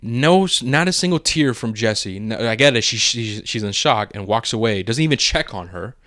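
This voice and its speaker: A man's voice: mid-range voice, animated, normal speed, fairly bright tone. A man co-hosting a podcast, chatting casually and animatedly through a movie spoiler review, laughing often and acting out quotes. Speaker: podcast co-host.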